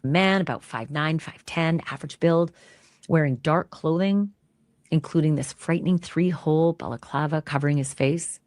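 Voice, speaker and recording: Lower-voiced woman narrating true crime. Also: moderate pace, a little mellow, no echo. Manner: suspenseful, storytelling.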